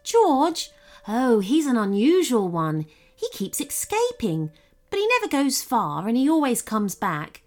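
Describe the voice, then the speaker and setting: An upbeat grown woman who runs a rescue shelter, talking warmly and eagerly in a storybook reading. Her voice sits fairly high and bounces lively up and down, put on by a woman narrator. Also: measured pace. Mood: friendly. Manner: warm, chatty and enthusiastic. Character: cheerful adult woman running an animal shelter.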